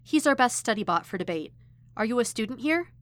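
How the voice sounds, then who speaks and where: A woman's voice: medium pitch, moderate pace, pushed and bright. A woman voicing a cheerful, awkwardly polite young male student helping with tech. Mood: eager. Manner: chirpy, eager, awkwardly polite.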